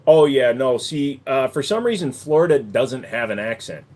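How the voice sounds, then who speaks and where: A man's voice: medium pitch, expressive, normal speed, darkish tone. A man from the United States hosting a casual livestream, joking and answering viewers' questions at a desk microphone. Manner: joking, slips in and out of put-on accents. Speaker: livestream host.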